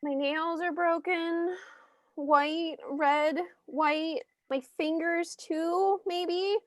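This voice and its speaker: A woman playing a beaten young election observer in a staged play reading, speaking in halting, broken phrases. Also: extremely high pitch, fairly even intonation, no echo, clean studio sound, heavily acted. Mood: dazed.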